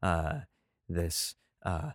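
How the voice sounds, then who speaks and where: A man's voice: low-pitched, big pitch swings, very slow, no echo, studio quality. A man hosting a casual podcast who reads aloud and comments in profane, rambling, exasperated asides. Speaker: podcast host. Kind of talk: casual Bible reading podcast.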